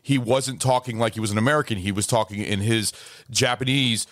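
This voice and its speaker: A man's voice: medium pitch, steady tone, a little fast, a bit bright, no room sound, studio quality. A man hosting a movie podcast, sharing trivia and putting questions to his co-hosts in casual chat. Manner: asks questions, shares trivia, some stumbles. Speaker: movie podcast host leading the discussion.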